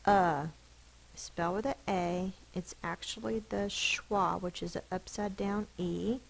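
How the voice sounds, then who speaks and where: A woman's voice: mid-range voice, steady tone, slow pace, gravelly, poor audio. A woman teacher giving a spelling lesson to children, sounding out letters and syllables one by one.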